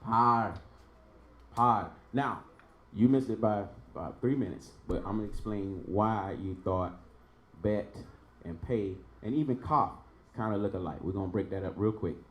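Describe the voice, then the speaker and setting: A man's voice: on the low side, moderate pace, a little mellow, echoey room, slight background noise. A man teaching a Hebrew class, patiently repeating each sound for his student. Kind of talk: online language lesson.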